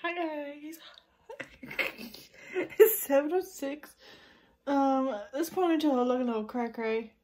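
A woman's voice: sits high, slow pace, long pauses, a little mellow, poor audio. A young adult woman chatting casually in her daily vlog, giggly and rambling with lots of fillers, filming herself from her car and then at home. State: out of breath. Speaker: vlogger.

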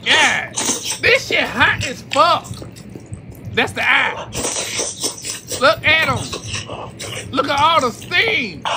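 Profane streamer reacting over noise. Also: high voice. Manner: profane, exclaiming, talking back to the screen. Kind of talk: casual reaction commentary. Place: home streaming setup. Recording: noisy stream mic.

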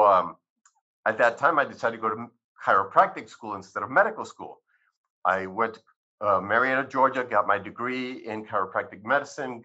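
A man in his fifties tells his personal story as an interview guest, his voice bright and forceful. He acts out past conversations with lively switches. The recording sounds a little dull and lo-fi. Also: fairly low pitch. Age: 50s. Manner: animated storyteller who acts out dialogue. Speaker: physician guest.

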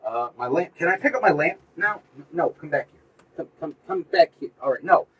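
A man records VR horror commentary for YouTube, likely on a headset mic, yelping, cursing and talking back to the game as he jumps at things. His fairly high voice has lively intonation and a moderate pace. The highs are cut off and there's slight background noise.

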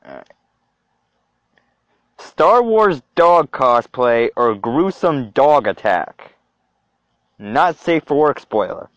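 A young man giving reaction commentary as a video creator, animated and exclaiming to himself. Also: mid-range voice, takes it slowly, long pauses, dry recording. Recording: dull lo-fi dry recording.

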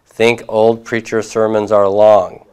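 A man's voice: fairly low pitch, flat delivery, slow, darkish tone, clean tone. A man teaching a class, reviewing homework and prompting students with questions, with occasional chuckles.

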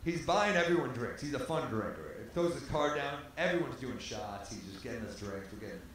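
A male comedian telling a stand-up story on stage in a club, animated and laughing through his own lines. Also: mid-range voice, brisk. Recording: echoey comedy club with faint noise.

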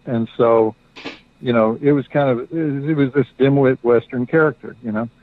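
A middle-aged man telling a story as a guest, halting, with many fillers and restarts. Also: medium pitch, fairly even intonation, no room sound. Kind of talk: casual storytelling. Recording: dry tinny phone-like line.

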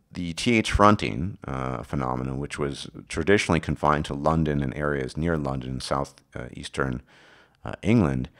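A hoarse man giving an unscripted video lecture, explaining at a halting pace with frequent restarts and self-corrections. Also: rumbling low.

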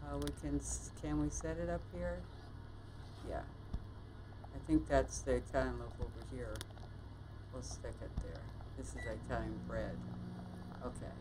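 A woman playing a bakery shop game, muttering to herself as she works, with quick exclamations and mild swearing. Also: a bass voice, steady tone, background noise. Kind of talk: casual let's-play commentary.

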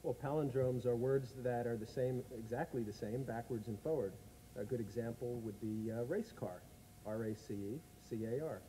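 A man's voice: mid-range voice, normal speed, mellow, slight background noise, rough recording. An American man as a chat show guest, genially and patiently explaining his odd talent. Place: studio with live audience.

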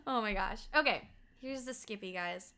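A young woman from Colorado chatting casually and quickly while streaming a game, reading out chat and humming along. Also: mid-range voice, pushed and bright. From Colorado, USA. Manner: fast-talking, chatty, reads chat aloud, hums along.

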